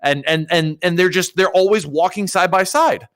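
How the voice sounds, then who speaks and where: A man's voice: high voice, moderate pace, fairly bright tone, clean tone. A young man co-hosting a casual stream, joking and rambling with many restarts. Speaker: streamer co-host.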